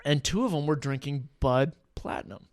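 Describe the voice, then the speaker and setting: A man with a New England accent tells a rowdy bar story, voice pitched a bit high and bouncing into the quotes of the people in it. The sound is close and dry, with no room around it. He swears freely and talks in a loose, chatty way. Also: normal speed, dry recording. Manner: animated, profane, acts out voices in stories. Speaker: podcast guest. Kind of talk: casual storytelling.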